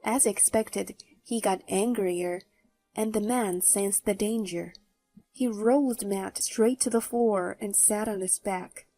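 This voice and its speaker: A woman narrating her own story in the first person, with a mocking, even tone. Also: mid-range voice, takes it slowly. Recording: faint background music.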